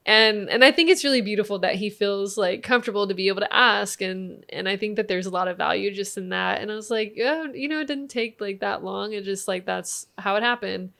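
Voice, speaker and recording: Gravelly-voiced storytelling woman. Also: medium pitch, a little fast, few pauses. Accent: American. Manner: animated, acts out quotes, laughs often. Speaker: podcast guest, tantra teacher. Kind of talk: casual storytelling chat.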